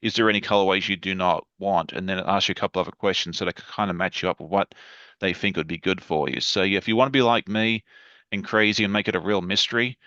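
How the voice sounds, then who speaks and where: A man's voice: low-pitched, steady tone, fast, pushed and bright, no echo, lo-fi sound. A man chatting as a guest on a livestream over a video call, enthusiastic and rambling. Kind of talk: casual livestream chat.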